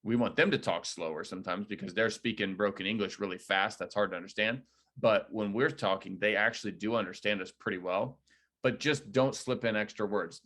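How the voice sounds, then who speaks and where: A man leading a real estate agent training, coaching in a direct, energetic way. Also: sits low. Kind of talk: training debrief talk.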